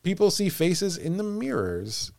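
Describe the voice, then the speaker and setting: A man's voice: sits high, very animated, a little slow, creaky, darkish tone, no room sound. A man hosting a podcast, telling a ghost story in casual chat and laughing often. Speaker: podcast host.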